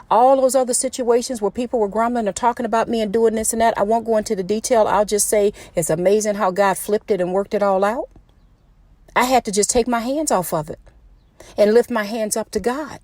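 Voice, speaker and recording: A woman host giving a passionate faith testimony, emphatic and at times near yelling, recorded on a phone in her parked car. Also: on the high side, no room sound. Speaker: podcast host.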